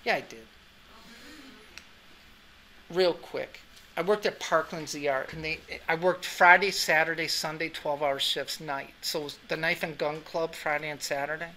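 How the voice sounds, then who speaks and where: Telling an anecdote to his students, this middle-aged anatomy and physiology instructor chats away with frequent "right?" asides. His bright, forceful voice is on the high side, fairly even in intonation and normal in speed, with slight background noise in the classroom.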